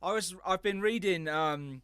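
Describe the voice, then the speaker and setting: A man's voice: sits high, unhurried, a bit bright, smooth, dry recording, studio quality. A man hosting a podcast, chatting casually and telling rambling stories with enthusiasm. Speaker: podcast host. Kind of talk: casual chat.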